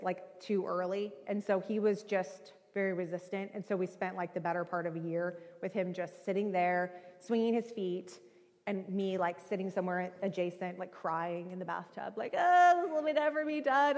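Woman preacher, 30s, chatty sermon storytelling, mid-pitched, long hall reverb. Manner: animated, conversational, many fillers.

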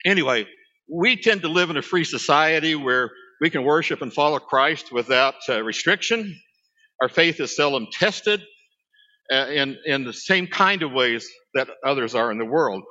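A man's voice: a little high, expressive, normal speed, sharp tone, long reverb tail, dull audio. A man, preaching a sermon as a pastor, talking conversationally with asides to his congregation.

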